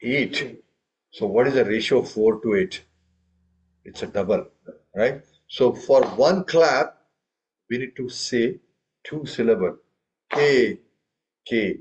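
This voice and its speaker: A man's voice: mid-range voice, takes it slowly, pauses often, a little mellow, lo-fi sound. A man teaching a group tabla lesson, counting beats and reciting drum syllables for students to follow.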